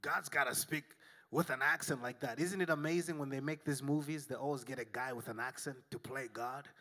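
A man's voice: mid-range voice, fairly even intonation, a little fast, bright, forceful tone. A male pastor preaching a sermon in a church, emphatic and humorous, calling out for responses from the congregation.

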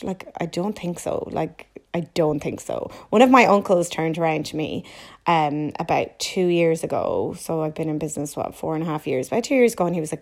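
A woman, hosting a casual solo podcast in a chatty, emphatic way with quick asides. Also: sits low, expressive. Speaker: podcast host.

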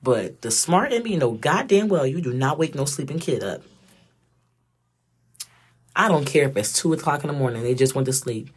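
A woman's voice: extremely low pitch, slightly rough. A woman in her thirties giving a blunt, profane, direct casual monologue as a vlogger.

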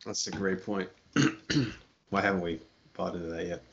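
A man with a lowish voice co-hosts a casual podcast chat. He talks in a wry, bossy, sarcastic way. The audio is muffled and lo-fi. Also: steady tone, measured pace, a bit bright. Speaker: podcast co-host.

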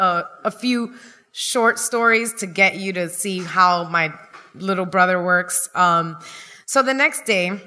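Bright-voiced woman telling a comic story. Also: lowish voice. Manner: lively, acts out the people she quotes. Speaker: stand-up comedian telling a story. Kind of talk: live comedic storytelling. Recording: long hall reverb.

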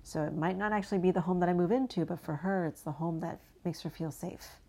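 A woman from New England gently guiding an inner child visualization, speaking softly and slowly and often dropping to a hushed near-whisper. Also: lowish voice. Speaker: inner child and energy work guide.

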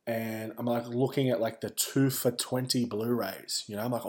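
A man's voice: medium pitch, fairly even intonation, fairly quick, hardly any pauses, darkish tone. Wry Australian man telling a story. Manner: candid and wry, wandering asides. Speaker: podcast host. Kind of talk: casual personal storytelling.

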